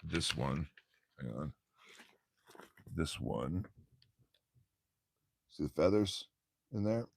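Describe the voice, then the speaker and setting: A man's voice: extremely low pitch, lively intonation, extremely slow, gravelly, long pauses, no room sound. A man teaching a casual lesson, reading a textbook aloud in a laid-back, slangy way, often stumbling over words, recorded on a phone.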